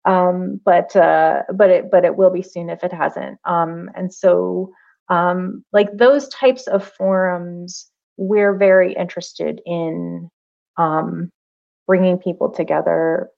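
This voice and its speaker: A woman's voice: lowish voice, steady tone, takes it slowly, vocal fry. A woman researcher speaking as a podcast guest in a thoughtful, casual way, with many fillers and restarts. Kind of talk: casual interview talk. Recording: dull lo-fi audio.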